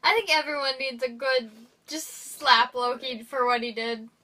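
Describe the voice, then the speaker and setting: A young woman co-hosting a podcast, chiming in with quick teasing remarks. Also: sits high, bright, forceful tone. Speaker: podcast co-host. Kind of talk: casual movie chat. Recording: voice from far off the mic.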